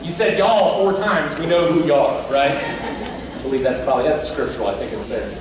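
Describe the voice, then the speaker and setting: A man's voice: on the high side, moderate pace, noisy background. A man preaching an Easter sermon as pastor, conversational and often checking in with the congregation. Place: church sanctuary. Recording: very echoey church from a distant mic.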